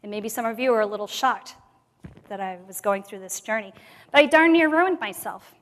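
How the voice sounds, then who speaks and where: A woman giving a sermon at a church women's conference, sharing her own story and moving from quiet to loud, emphatic passages. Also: medium pitch, normal speed. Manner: expressive, swings from soft to loud. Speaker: conference speaker. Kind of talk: sermon with personal testimony. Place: church sanctuary. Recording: long hall reverb.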